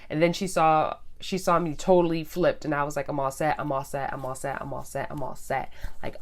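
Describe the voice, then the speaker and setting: A young woman telling her story in a chatty, animated way, with slangy asides to her viewers. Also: sits low. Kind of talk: casual storytelling to camera.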